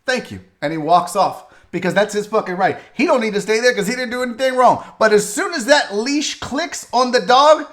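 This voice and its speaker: A male talk show host giving a profane, animated comedic commentary on a viral video, laughing often. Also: sits high, brisk, hardly any pauses. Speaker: sports radio host.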